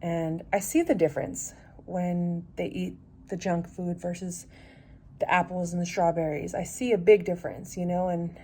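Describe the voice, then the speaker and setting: A woman's voice: lowish voice, fairly even intonation, normal speed, mellow, a little hiss or hum. A woman in her forties chatting casually at home for her vlog, rambling with lots of restarts and fillers. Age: 40s. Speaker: vlogger.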